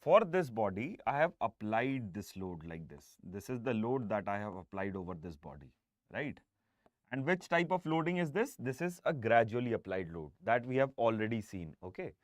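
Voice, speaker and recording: Brief Indian English male lecturer, mid pitch, dry close recording, emphatic classroom delivery punctuated by "okay?". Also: big pitch swings, moderate pace, no room sound. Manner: emphatic teacher, frequent checking "right?" and "okay?". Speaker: engineering exam lecturer.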